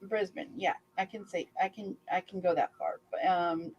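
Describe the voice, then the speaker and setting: A woman in her fifties hosting a crafting channel, chatting casually and rambling with many pauses. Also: fairly low pitch, darkish tone, breathy edge, highs cut off. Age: 50s. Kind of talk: casual chat on a video call.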